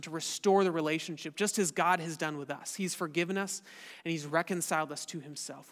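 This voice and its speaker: A pastor preaching a sermon to his church, earnest and often dropping softly at the end of a point. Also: fairly high pitch, big-room sound. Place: church sanctuary.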